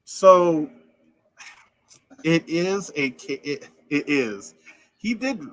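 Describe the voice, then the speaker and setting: A man from Louisiana hosting a podcast in a relaxed, casual chat, often repeating himself and laughing. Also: on the high side, drawn-out words, dry recording. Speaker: podcast host.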